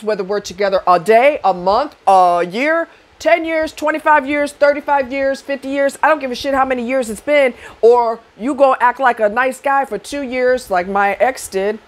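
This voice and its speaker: Talking to the camera, a middle-aged woman offers dating advice in a frank monologue full of swearing. Her rants push her voice up, louder and higher.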